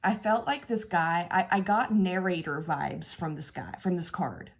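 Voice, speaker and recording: A woman's voice: on the low side, unhurried, slightly rough. A woman hosting her own tarot channel, chatting casually and laughing as she talks through a card reading.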